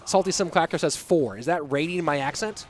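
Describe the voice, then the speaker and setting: A young esports caster speaks a little quickly in a fairly high voice, working alone from his home office. Between games of the tournament he chats loosely and rambles, talking directly to viewers and reading their chat.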